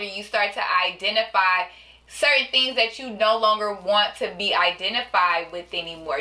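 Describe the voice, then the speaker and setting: A woman's voice: medium pitch, pushed and bright. A woman guest on a podcast, talking in casual chat, earnest and reflective as she explains her view at length. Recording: roomy echo.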